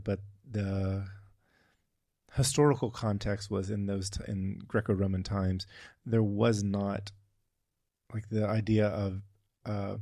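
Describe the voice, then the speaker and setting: Gravelly, husky podcast co-host. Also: male voice, fairly low pitch, darkish tone, no room sound, studio quality. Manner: thoughtful, searching for words. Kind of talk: casual chat.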